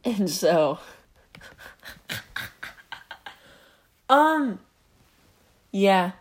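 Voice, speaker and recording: Slow, lively young man spinning a tale. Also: high voice, slight background noise. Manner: giggly, digressive, self-interrupting. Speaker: podcast host. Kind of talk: rambling storytelling.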